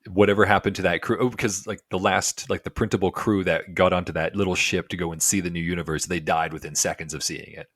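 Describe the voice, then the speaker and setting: A man's voice: low voice, steady tone, fast, few pauses, fairly bright tone, dry recording, clean studio sound. A man co-hosting a podcast, giving a rambling, casual episode review full of fillers and restarts. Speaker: podcast co-host.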